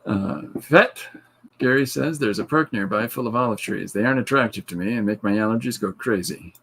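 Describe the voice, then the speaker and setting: A middle-aged man with a low, slightly husky voice hosts a casual podcast, reading out viewer comments. He jokes freely and laughs along with his own retellings. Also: brisk, a bit bright. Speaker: podcast host.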